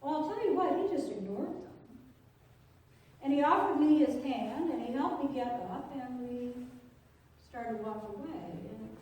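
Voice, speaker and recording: A woman pastor performing a first-person monologue as Zacchaeus, an anxious tax collector, telling his story with halting, repeated words. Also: high-pitched, animated, darkish tone. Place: church sanctuary. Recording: echoey sanctuary, distant mic.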